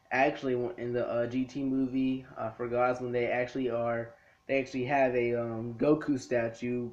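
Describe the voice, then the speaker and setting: A man talks through an anime episode review in his room, rambling loosely and slipping into quick acted-out lines from the characters. His voice sits at an ordinary middle pitch. The recording sounds dull and lo-fi. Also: a little mellow. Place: his own room lit by a TV.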